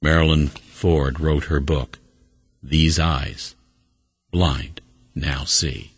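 A male preacher delivering a sermon in a deep, husky voice. He tells the story earnestly, pushing some words up high with emphasis and letting others sink to a soft, low murmur. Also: level tone, very slow, dry recording.

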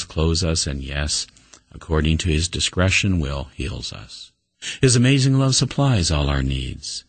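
A man with a deep, husky voice preaches, earnestly telling a story as he lifts some words high with emphasis and lets others fall to a soft, low murmur. The recording has no echo.

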